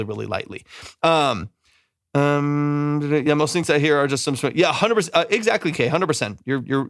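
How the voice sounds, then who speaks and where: A man's voice: mid-range voice, a bit bright, no echo, clean studio sound. Chatty man scatting through mix notes. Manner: hedging, repeats words, scats melodies with da-da. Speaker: music producer giving mix feedback. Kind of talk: casual live critique.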